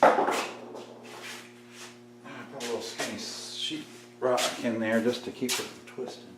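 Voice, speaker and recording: A man's voice: mid-range voice, fairly even intonation, measured pace. Man, DIY host, casual, mutters while working; recorded off-mic in a roomy shop with noise behind. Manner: muttering to himself as he builds. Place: workshop, indoors. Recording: echoey workshop, far mic, tool noise.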